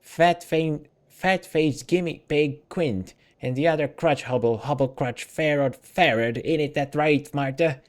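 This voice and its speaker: A man reading out the lines of an odd old woman seamstress in a slow, sing-song way, speaking of herself in third person with broken grammar. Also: fairly high pitch, lightly acted. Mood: mumbling. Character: mumbling old woman seamstress, strange and simple. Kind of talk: reading game dialogue aloud.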